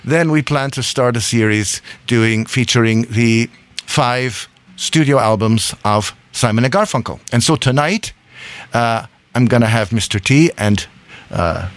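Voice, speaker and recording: Easygoing radio host, man from scotland, rambly and giggly, mid-pitched voice. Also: unhurried. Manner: rambling, chuckling, self-amused. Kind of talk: casual live radio chat. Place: radio studio.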